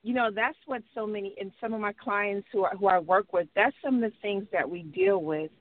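A woman writer co-hosting a casual talk, speaking reflectively with frequent pauses and fillers. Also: mid-range voice. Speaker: writer and podcast co-host. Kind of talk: casual conversation. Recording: tinny phone-line sound.

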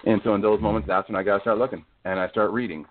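A man's voice: fairly low pitch, steady tone, racing, slight background noise. A man talking earnestly about faith and family as a guest on a conversation podcast. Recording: phone-like audio.

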